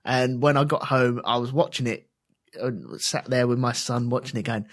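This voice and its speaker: A man co-hosting a podcast, telling stories in an animated way. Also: medium pitch, moderate pace. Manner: animated storytelling with put-on voices. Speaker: podcast co-host. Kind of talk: casual chat.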